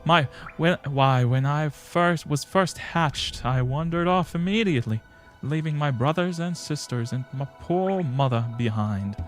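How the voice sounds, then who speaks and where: A man's voice: fairly high pitch, a little slow, hardly any pauses, voice pushed up, close to an everyday voice. A man voicing a cheerful male bug mapmaker, reading his lines in a friendly, rambling way over faint game music. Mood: chatty.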